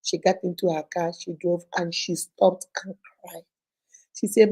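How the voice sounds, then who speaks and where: A Nigerian woman hosting a viewer advice show, retelling a caller's story in an expressive, heartfelt way with pidgin touches. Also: fairly low pitch, a little slow, breathy edge, low-quality recording.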